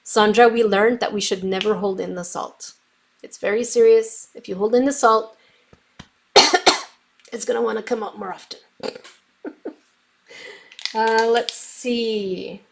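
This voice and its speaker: A woman's voice: fairly high pitch, fairly even intonation, takes it slowly, creaky, long pauses. A young adult woman casually chatting on a craft livestream, reading viewer comments while testing markers, with a slight cough from bronchitis. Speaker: craft YouTuber reading live chat.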